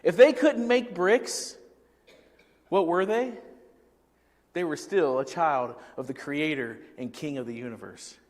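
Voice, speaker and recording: A man's voice: on the high side, unhurried, long pauses, long reverb tail. A man preaching a sermon as pastor, talking conversationally and asking the congregation questions.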